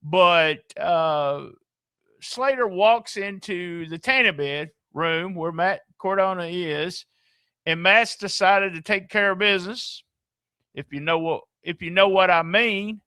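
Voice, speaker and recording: A man's voice: sits high, slow, bright, forceful tone, smooth, no echo. A middle-aged man with a Southern US accent hosting a podcast, ranting in exasperated, incredulous disbelief and swearing freely. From American South. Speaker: podcast host. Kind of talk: casual ranting commentary.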